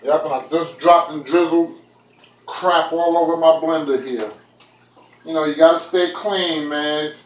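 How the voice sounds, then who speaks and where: A man's voice: fairly high pitch, steady tone, measured pace, reverberant, rough recording. A man chatting casually to his viewers while he makes food in his kitchen, talking to them directly. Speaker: vlogger. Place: home kitchen.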